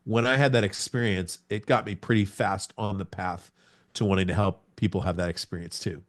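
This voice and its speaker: A man in his forties sharing a personal testimony on a podcast. His voice sits on the low side, and he tells it like a storyteller, acting out moments with sound words. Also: brisk. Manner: animated storyteller, acts out scenes with sound words. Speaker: podcast guest.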